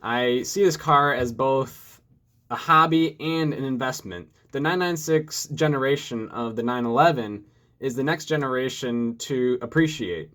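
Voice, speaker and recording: A man's voice: medium pitch, measured pace. Upbeat young man vlogging to camera. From Metro Detroit, USA. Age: 20s. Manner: upbeat, energetic greeting, then steady storytelling. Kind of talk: casual vlog to camera.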